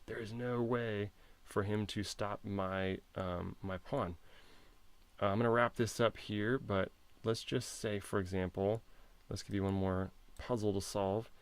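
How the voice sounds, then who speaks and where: A man's voice: on the low side, steady tone, unhurried, clear, resonant tone. A man casually walking through a chess game as an instructor, chatty and self-interrupting, posing puzzles to the viewer. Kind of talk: casual chess lesson walkthrough.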